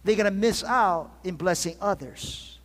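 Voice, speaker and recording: A high-pitched, somewhat bright male voice preaches at a measured pace to a congregation, calling for amens and restarting phrases now and then. The sanctuary's large-hall reverb lingers long.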